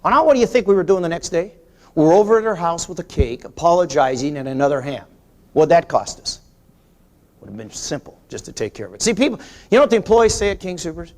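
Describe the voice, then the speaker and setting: A man's voice: on the high side, animated, fast, darkish tone. A man giving an emphatic, motivational business talk at a sales meeting, telling anecdotes and repeating key points. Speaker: grocery chain executive addressing a sales meeting.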